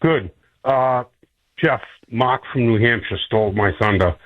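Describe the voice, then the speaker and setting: A man calling into a radio show, speaking earnestly and emphatically with some halting fillers. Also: mid-range voice. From North Shore area. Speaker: caller. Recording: tinny phone line.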